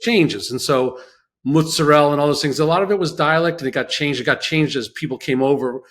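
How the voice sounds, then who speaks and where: A man's voice: on the high side, brisk. Storytelling chef man, New York raised. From New York area. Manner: storytelling, animated, acts out quotes. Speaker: chef guest. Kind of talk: casual chat.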